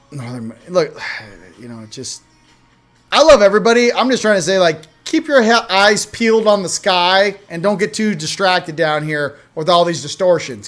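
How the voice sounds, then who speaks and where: High-voiced man rambling through viewer shout-outs. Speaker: host. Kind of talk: casual livestream chat.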